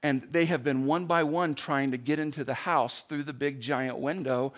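A male pastor telling a story in a sermon, swinging between loud bursts and hushed, slowed-down passages. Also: on the high side, fairly even intonation.

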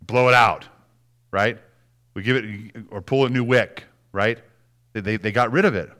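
A middle-aged man preaching a sermon as a pastor, animated and dropping to soft, hushed words for emphasis. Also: fairly low pitch, normal speed.

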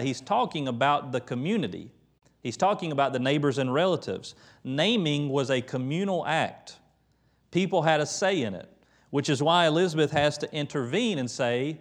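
A man preaching a conversational, emphatic sermon in a church, retelling scripture with lively quoted voices. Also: a little high, moderate pace. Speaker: pastor.

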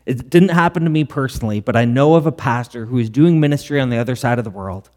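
A man's voice: mid-range voice, quick pace, darkish tone. Man preaching in a reverberant hall. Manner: earnest storytelling with quoted dialogue. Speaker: pastor. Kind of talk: sermon. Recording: long church hall reverb.

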